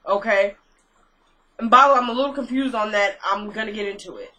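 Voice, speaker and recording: A woman's voice: mid-range voice, a little fast, pushed and bright, low-quality recording. A woman casually recapping a TV episode, chatty and full of fillers. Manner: chatty retelling, filler-heavy, laughs at own asides. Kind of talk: casual chat.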